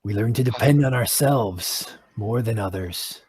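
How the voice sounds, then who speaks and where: A man's voice: on the low side, unhurried, darkish tone, a little hiss or hum, voice pushed down, close to an everyday voice. A man voicing a solemn male druid elder who speaks in clipped, grave phrases.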